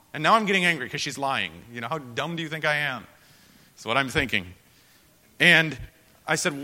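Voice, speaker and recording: Man, pastor, sermon, earnest storyteller, loud-then-soft emphasis, bright voice. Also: fairly high pitch, expressive, normal speed, long pauses, long reverb tail.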